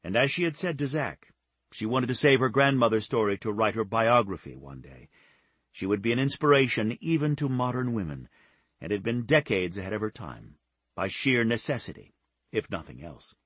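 A man reading a novel aloud as an audiobook narrator, calm and even. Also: lowish voice, moderate pace, breathy edge, dry recording. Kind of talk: scripted narration.

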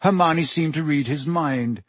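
Male storyteller for an audiobook, slightly high, husky voice, dry booth sound. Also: measured pace, no room sound. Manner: steady storytelling with character voices. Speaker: audiobook narrator. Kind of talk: scripted narration.

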